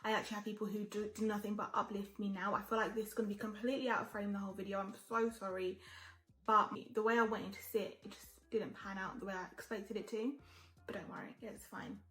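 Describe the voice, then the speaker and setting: A woman's voice: medium pitch, fairly even intonation, fast, fairly bright tone, reverberant, faint music behind. A woman in her twenties chatting casually while getting ready, giving blunt, emphatic advice and swearing freely. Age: 20s. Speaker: lifestyle vlogger. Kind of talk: casual get-ready-with-me chat.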